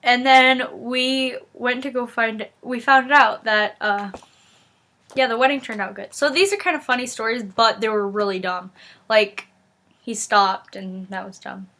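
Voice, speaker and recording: A woman's voice: on the high side, fairly even intonation, a little slow, bright, forceful tone. A young woman vlogger rambling through a family story in casual talk, full of "like" and restarts, acting out the lines of the people in it. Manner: rambling, lots of "like" and restarts, acts out quotes.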